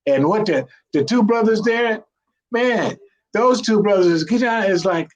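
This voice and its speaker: Older man, warm and rambling, slightly high voice, on a muffled lo-fi line. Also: lively intonation, unhurried. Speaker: guest. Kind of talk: casual video-call chat. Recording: muffled lo-fi call audio.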